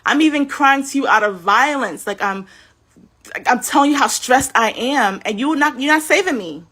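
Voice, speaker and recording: A woman's voice: high voice, animated, normal speed, sharp tone, heavily acted. A woman voicing an exasperated male prophet who complains to God in a whiny, frustrated way.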